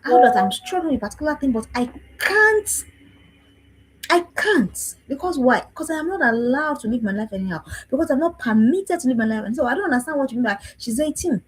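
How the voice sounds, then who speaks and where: High-pitched, expressive, and husky, this woman's voice moves fairly quickly over a rough livestream recording. In her 40s and from Africa, she preaches about parenting, stressing points, repeating phrases, and asking whether listeners understand.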